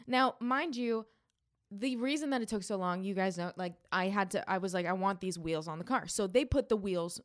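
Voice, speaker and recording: A young woman co-hosting a podcast, telling a long story in a casual, animated way, swearing often and acting out what people said. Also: medium pitch, moderate pace. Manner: animated, profane storytelling with quoted voices. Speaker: podcast co-host.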